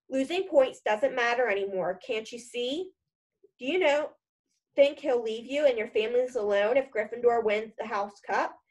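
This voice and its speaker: Storybook: woman voicing an urgent, earnest young boy, slightly high. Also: close to an everyday voice, rough recording. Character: determined boy wizard.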